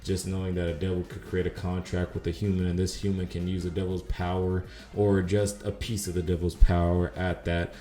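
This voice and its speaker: Deep-voiced laid-back man reviewing anime. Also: completely flat delivery, fairly quick, hardly any pauses, warm tone, roomy sound. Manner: laid-back, slangy, rambling with fillers. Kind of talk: casual video commentary.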